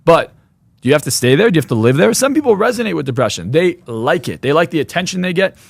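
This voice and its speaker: A man's voice: fairly high pitch, big pitch swings, fast talker, creaky, no room sound. A man speaking as a podcast guest in a blunt, emphatic, opinionated way. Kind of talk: podcast interview.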